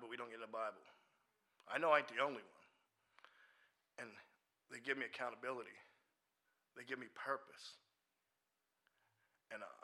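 A man's voice: medium pitch, pushed and bright. A man who works in addiction ministry, telling a personal testimony in an earnest, casual, plainspoken way.

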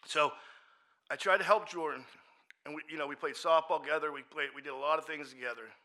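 A man's voice: on the high side, fast talker, sharp tone. A man who works in addiction ministry, telling a personal testimony in an earnest, casual, plainspoken way.

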